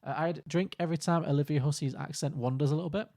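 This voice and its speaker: Gravelly-voiced male podcast co-host. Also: on the high side, fairly even intonation, fast, dark tone. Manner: joking, rambling, with many fillers. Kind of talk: casual film chat.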